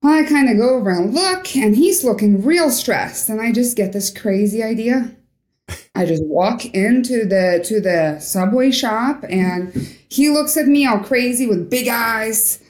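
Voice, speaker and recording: A young Norwegian woman, appearing as a guest in a storytelling interview, recounts a personal story at a measured pace, animatedly acting out the voices of the people she quotes. Her voice sits a little high, and the recording carries a noticeable roomy echo.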